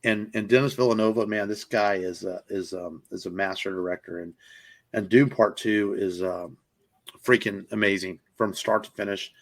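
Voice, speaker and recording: In casual movie talk on a podcast, this man co-hosts with rambling enthusiasm, frequent fillers and the odd swear word. His voice is on the low side and steady in tone, delivered at normal speed.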